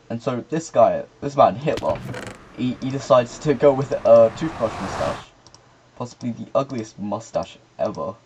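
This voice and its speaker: A man's voice: lowish voice, noisy background. A man rambling through a casual, sweary history explanation while getting distracted by the game he is playing. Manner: loose and offhand, trails off.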